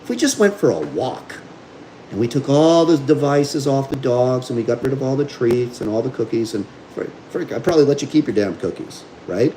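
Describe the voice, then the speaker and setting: A man's voice: medium pitch, expressive, a little fast, warm tone, a little hiss or hum, rough recording. A man hosting a livestream as a dog trainer, talking bluntly and combatively while reading viewer comments.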